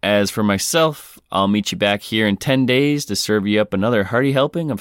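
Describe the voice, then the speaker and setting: A man with a very low, smooth, resonant voice hosts a podcast and reads listener mail aloud. His delivery is wry and deadpan. The sound is dry and close, with no room around it. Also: moderate pace, hardly any pauses, no echo. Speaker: podcast host.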